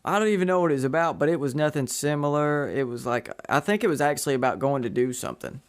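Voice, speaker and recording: A man's voice: fairly high pitch, fast talker, clean tone. A man hosting a podcast in casual chat, rambling with many fillers and restarts. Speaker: podcast host.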